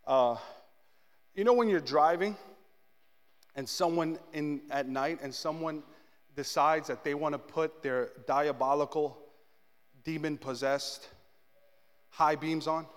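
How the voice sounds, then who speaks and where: High-voiced pastor preaching in an echoing hall. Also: male voice, slow, pauses often. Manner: animated, self-mocking storyteller who acts out his own shouting. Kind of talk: sermon with personal storytelling.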